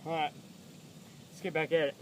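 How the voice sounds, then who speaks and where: A boxing coach, a man with a fairly high voice, talks through combos in plain coaching talk, calling out the numbers for each punch. He is out of breath from throwing shots as he explains. He is recorded outdoors on a phone camera, with faint outdoor noise behind him. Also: level tone, moderate pace. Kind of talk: instructional demo of combos.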